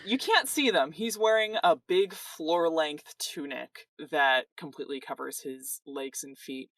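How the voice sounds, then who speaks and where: A game master slowly narrating a tabletop campaign scene in a descriptive voice. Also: medium pitch, a bit bright, dry recording, distant mic.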